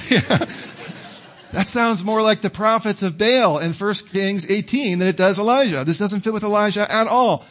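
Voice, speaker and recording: A male pastor preaching a sermon in a conversational, animated way. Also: sits high, measured pace. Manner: conversational and animated, acting out quotes with laughs.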